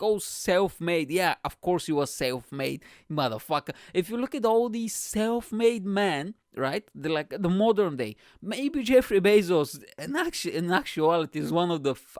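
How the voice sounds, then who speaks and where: A man's voice: on the high side, no echo, clean studio sound. A man hosting his own podcast, ranting casually and profanely, saying bro a lot. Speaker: podcast host. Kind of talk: casual comedic rant.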